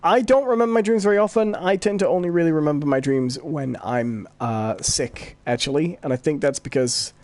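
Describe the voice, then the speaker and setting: A man's voice: a little high, fairly quick, hardly any pauses, a little mellow, dry recording. A man with a British accent co-hosting a pop-culture podcast in casual chat, chatty and jokey, laughing often. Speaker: podcast co-host.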